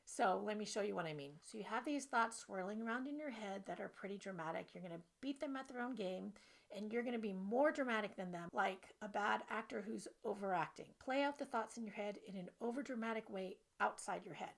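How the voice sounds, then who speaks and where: Gravelly-voiced woman coaching. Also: mid-range voice, a little fast. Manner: animated and playful. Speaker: self-help coach. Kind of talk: instructional video lesson.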